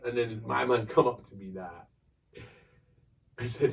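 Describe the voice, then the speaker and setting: A man, hosting a podcast and telling a story in a lively, profane way. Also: mid-range voice, slow, creaky, recorded from a distance. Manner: animated, swearing, acts out voices in his story. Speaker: podcast host. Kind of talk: casual storytelling.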